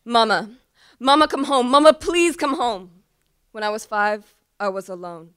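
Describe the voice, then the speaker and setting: A woman's voice: on the high side, normal speed, fairly bright tone, clean tone, dry recording, clean studio sound. A teenage girl performing an impassioned, pleading slam poem with repetitive cries to her mother. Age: teens. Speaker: student poet.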